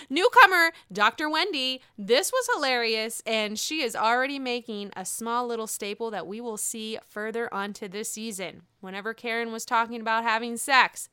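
A woman's voice: on the high side, sing-song, normal speed, bright, forceful tone, clean tone, dry recording, clean studio sound. A woman giving casual, gossipy commentary on a reality show, laughing often and swearing freely. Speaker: reality TV recap vlogger.

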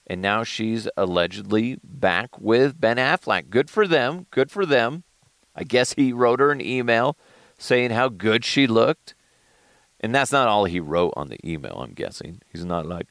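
Male solo podcaster, gravelly and animated, dry close sound. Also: on the low side, a little slow, no echo. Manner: animated, profane, jumps between shouting and mumbling. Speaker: podcast host. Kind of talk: casual solo commentary.

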